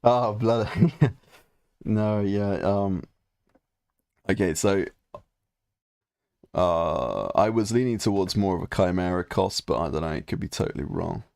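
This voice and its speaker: A young British man talks casually on a hobby live stream, rambling from one point to the next and swearing freely. His voice sits on the low side. The sound is close and dry, with no room behind it. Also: measured pace, gravelly, long pauses, darkish tone, dry recording. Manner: rambling, swearing, mock-grumbling, chatty. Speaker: live stream host painting miniatures.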